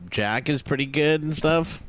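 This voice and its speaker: A man's voice: on the high side, a little slow, fairly bright tone. A man co-hosting a podcast in casual chat, laid-back and dry, with a coughing, dry throat. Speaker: podcast co-host.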